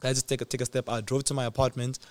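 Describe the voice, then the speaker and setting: A man's voice: medium pitch, very fast, no room sound. A young man telling a personal story in casual talk, laughing often and acting out the people in it. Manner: animated, laughs often, acts out doctors' lines. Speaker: host.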